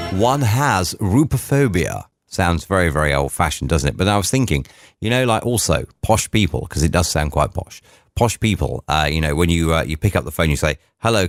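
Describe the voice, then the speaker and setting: Low-voiced radio host. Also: male voice. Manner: chatty, jokey asides. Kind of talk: casual talk radio.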